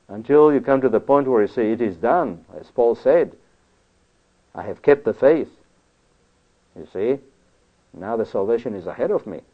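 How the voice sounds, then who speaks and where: Emphatic preacher man, tinny phone-like sound. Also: mid-range voice. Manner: conversational, emphatic, keeps asking "you see?". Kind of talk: sermon.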